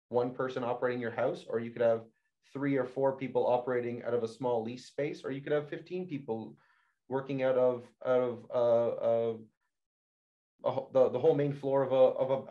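A man co-hosting a marketing meetup, giving energetic advice and often repeating words as he starts his sentences, over a video call. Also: mid-range voice. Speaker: marketing agency co-host. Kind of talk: casual advice on a livestream. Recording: dull lo-fi video call audio.

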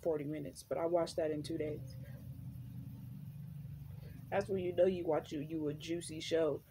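A woman's voice: low voice, a little hiss or hum. Rambling young woman vlogger. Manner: rambling, lots of fillers, relaxed slang. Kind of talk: casual rambling chat.

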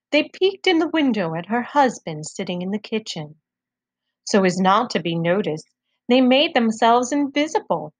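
Woman storyteller for young kids, expressive, higher voice, dry. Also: dry recording. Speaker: teacher reading aloud. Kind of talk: children's storybook read-aloud.

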